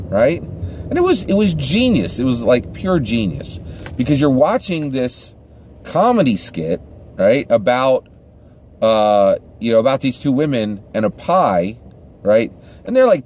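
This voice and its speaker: A man's voice: medium pitch, a little mellow, slight background noise. A man giving a casual, rambling movie review, often restarting sentences and checking in with the listener. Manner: rambling, restarts sentences, keeps asking "right?". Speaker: film reviewer.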